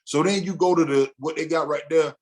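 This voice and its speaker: A man with a fairly high voice leads a men's group through a lesson in an easygoing, conversational way. He talks loosely, restarts sentences often, and acts out the inner thoughts a husband might have. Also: steady tone, a little fast, a little mellow. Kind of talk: casual teaching session.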